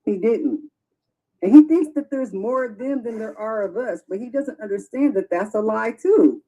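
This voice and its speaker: A woman's voice: a little high, lively intonation, normal speed, warm tone, low-quality recording. A woman co-hosting a casual group livestream chat, talking emphatically and agreeing often.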